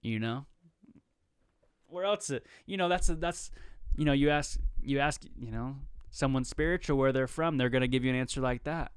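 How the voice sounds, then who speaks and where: A man's voice: mid-range voice, normal speed, clear, resonant tone, dry recording, studio quality. A young man hosting a solo comedy podcast, rambling through joking tangents in a laid-back, slangy way. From Pacific Northwest, USA.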